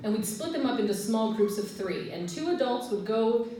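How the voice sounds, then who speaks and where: A woman in her forties with an American accent, telling stand-up stories in a chatty, giggly way and acting out quotes in high voices. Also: lively intonation, moderate pace, mellow, a little hiss or hum. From United States. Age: 40s. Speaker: stand-up comedian. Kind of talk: stand-up storytelling. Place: live room with audience. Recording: distant mic in echoey room.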